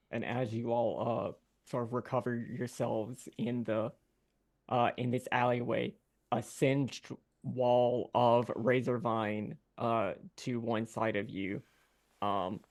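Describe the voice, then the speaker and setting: Low gravelly game master. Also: male voice. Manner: halting, full of ums and uhs. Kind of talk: narrating a tabletop game.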